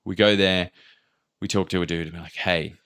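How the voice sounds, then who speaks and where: Deep-voiced man telling a story. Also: fairly quick, smooth. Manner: animated, acts out quotes with sudden jumps in pitch; swears casually. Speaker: podcast guest telling a travel story. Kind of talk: casual storytelling chat.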